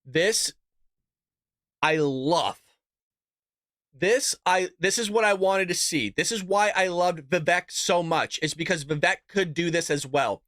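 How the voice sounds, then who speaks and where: High-voiced blunt male commentary host. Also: measured pace, no room sound, clean studio sound. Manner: animated, blunt, laughing asides. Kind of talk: casual political commentary.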